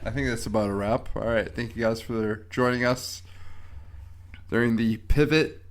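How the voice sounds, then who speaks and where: A man's voice: mid-range voice, fairly even intonation, moderate pace. A man hosting a podcast, easygoing and casual as he wraps up the show. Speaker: podcast host. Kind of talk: casual chat.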